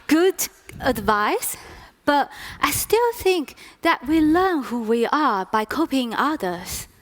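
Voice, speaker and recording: A woman in her thirties tells a reflective story in a stage talk. Her voice sits somewhat high, and she speaks at a slow, unhurried pace. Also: sing-song. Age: 30s.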